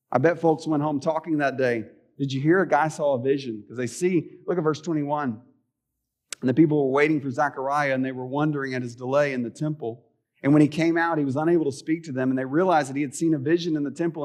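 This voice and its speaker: A middle-aged male pastor preaching a sermon in a church, conversational, with frequent rhetorical questions. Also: a little high. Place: church sanctuary.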